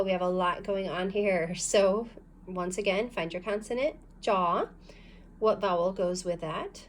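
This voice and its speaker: A woman's voice: medium pitch, a little hiss or hum. A woman teaching a recorded phonics lesson, guiding learners patiently step by step and sounding out syllables. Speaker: language teacher.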